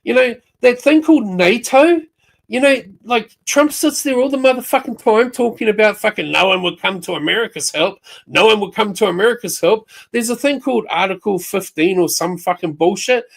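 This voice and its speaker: A woman's voice: fairly high pitch, normal speed, vocal fry. A woman with a New Zealand accent ranting angrily in a live chat, swearing nonstop and calling out people by name. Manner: heated, swearing constantly, jabbing at named people. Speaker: livestream chatter. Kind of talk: angry profane rant.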